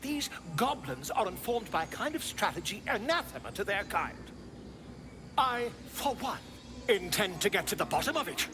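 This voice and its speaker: A man's voice: sits high, very animated, normal speed, music in the background. A man voicing a flamboyant, pompous bard who speaks theatrically.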